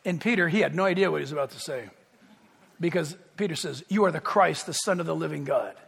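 A man preaching a sermon as pastor, animated, shouting out quoted crowds and joking with the congregation. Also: fairly high pitch, quick pace, creaky, husky, big-room sound. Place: church sanctuary.

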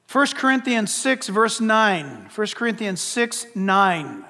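A man's voice: sits high, very animated, a little slow, few pauses, sharp tone. A man preaching a sermon from the pulpit as pastor, emphatic and full of rhetorical questions. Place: church sanctuary. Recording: long church hall reverb.

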